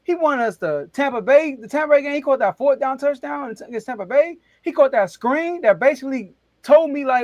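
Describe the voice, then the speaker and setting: A man hosting a casual sports debate show, telling stories in an animated, excitable way with big jumps in his voice. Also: very high voice, brisk, few pauses, no room sound, muffled recording.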